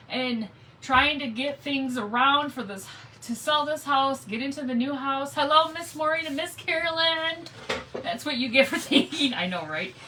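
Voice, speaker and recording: Chatty bright-voiced woman hosting a live craft stream. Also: high voice, distant mic, a little hiss or hum, low-quality recording. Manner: chatty, friendly, greets viewers by name. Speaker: craft livestream host.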